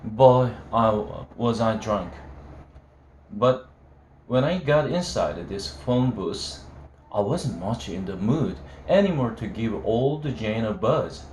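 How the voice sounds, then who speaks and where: A man reads a novel aloud in a relaxed first-person voice, telling the story slowly and without hurry. His voice is lowish, expressive and a little mellow. The recording sounds roomy, with a faint ambient hum in the background.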